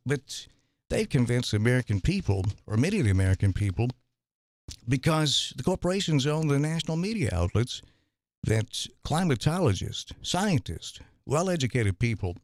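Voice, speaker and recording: A man's voice: medium pitch, no echo. A man debating for mayor on the radio, telling folksy stories with frequent restarts and hesitations. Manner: halting, restarts, folksy storytelling. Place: radio studio.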